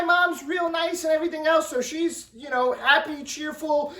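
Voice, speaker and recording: A middle-aged man telling an animated vlog story, excitable and repeating himself as he acts out what people said. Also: extremely high pitch, moderate pace, few pauses. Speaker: vlogger. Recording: echoey room, distant from mic.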